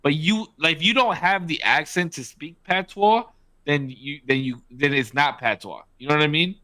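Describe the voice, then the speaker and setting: A young man co-hosting a podcast, chatting in an excitable, animated way with swearing and laughs. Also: on the high side, normal speed, no echo. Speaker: podcast co-host. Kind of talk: casual podcast chat.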